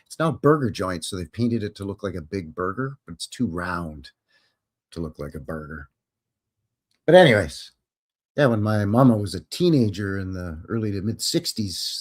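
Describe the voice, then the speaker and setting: Folksy, lively-voiced man hosting a stream. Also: lowish voice, moderate pace. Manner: rambling, chuckling, folksy. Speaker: live stream host. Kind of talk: casual live stream chat answering viewers.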